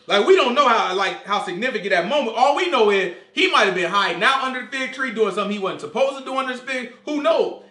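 A man teaching a casual Bible study in an animated way, quizzing his listeners and acting out dialogue. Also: high-pitched. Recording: echoey room.

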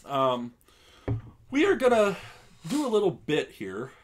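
A man's voice: high voice, huge pitch swings, measured pace, slight background noise. Rambling young man hosting a podcast. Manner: rambling, many ums, laughs often. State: drinking beer. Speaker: podcast host. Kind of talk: casual chat.

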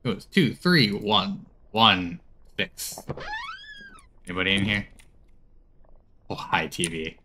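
A man's voice: fairly low pitch, slow pace, long pauses, sharp tone, slight background noise. A man giving chatty commentary while playing a horror game, talking back to the characters on screen. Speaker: gaming streamer.

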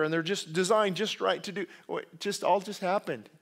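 A man's voice: high voice, fairly even intonation, normal speed. A man preaching a sermon, emphatic and repeating key words, with conversational asides and self-corrections. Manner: emphatic, repeats key words, grows louder when stressing points. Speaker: pastor.

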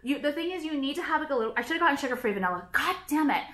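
High bright-voiced woman ranting casually. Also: animated. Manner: fast, profane, dramatic rants with constant "like". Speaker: beauty vlogger. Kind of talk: casual chat to camera. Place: at home.

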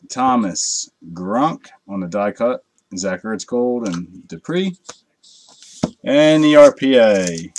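A man's voice: lowish voice, slight background noise. A man hosting a live card break, chatting casually with viewers and swearing freely as he opens packs late at night. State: tired from a long night.

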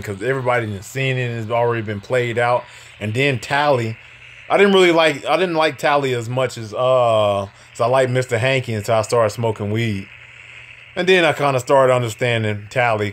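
Man, 30s, podcast host type, rambling animated storyteller who laughs a lot and swears freely. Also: mid-range voice. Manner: animated, laughing, profane, repeats words when excited. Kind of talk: casual storytelling.

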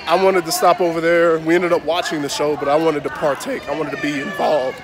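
A man's voice: fairly high pitch, level tone, fairly quick. Playful, jokey man vlogging. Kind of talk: casual vlog chat. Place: outdoors in a theme park.

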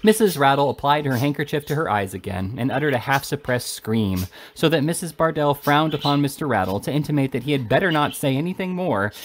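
Male reader for a classic novel, animated delivery, lively pitch, faint hiss behind. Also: brisk, hardly any pauses. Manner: expressive, animated reading. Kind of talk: reading a classic novel aloud.

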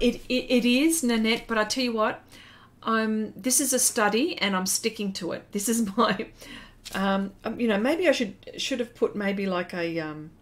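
A middle-aged Australian woman chatting casually while drawing on a live stream, laughing often and reading chat messages aloud. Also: on the high side. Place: home studio shed.

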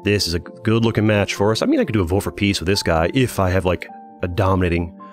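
A man with a fairly low voice talks through a strategy match as he plays. He thinks aloud, with frequent ums and restarts. Faint music plays under him. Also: animated, quick pace. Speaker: gaming channel host. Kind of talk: casual gameplay commentary.

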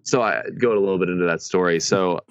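Low-voiced man telling stories in casual chat. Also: fast talker, clean tone, dry recording, highs cut off. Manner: rambling storyteller, lots of "like" and "man". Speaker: podcast co-host.

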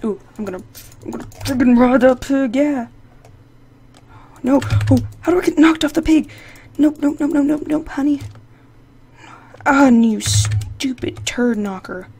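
A woman hosting her own gaming channel, giving casual, excitable, playfully sassy commentary while she plays. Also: high voice, unhurried, pauses often. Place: indoor home setup. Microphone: desk microphone.

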